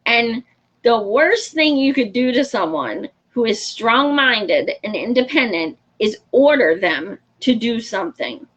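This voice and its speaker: A woman hosting a casual livestream, talking frankly in a slightly high voice and laughing easily. She swears without a second thought and chats with viewers by name. The sound is dull and lo-fi. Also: sing-song, a little slow, a bit bright. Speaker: show host. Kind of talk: casual livestream chat answering viewer comments.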